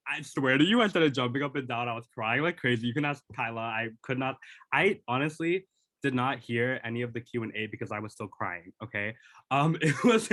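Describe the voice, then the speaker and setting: A man's voice: mid-range voice, a bit bright. Earnest young man, mid-range voice. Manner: earnest, rambling recollection with fillers. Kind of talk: casual podcast chat.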